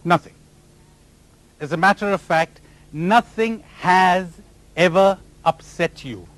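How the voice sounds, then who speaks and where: A man's voice: sits high, takes it slowly, dry recording. A man giving a spiritual talk to a live audience, teasing them with rhetorical questions and sometimes mimicking other people's voices. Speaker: spiritual teacher.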